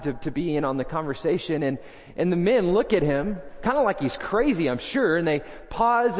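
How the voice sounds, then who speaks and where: A man preaches with earnest conviction, often sinking to a hushed, low delivery on his key lines. His voice sits high for a man, and it rings out with a long reverb tail that fills a large church hall. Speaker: pastor. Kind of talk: sermon. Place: church sanctuary.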